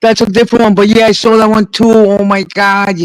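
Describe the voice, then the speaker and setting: A man's voice: sits high, a little fast, poor audio. Profane New York man telling stories. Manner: profane, animated storyteller. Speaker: streamer. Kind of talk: casual storytelling chat.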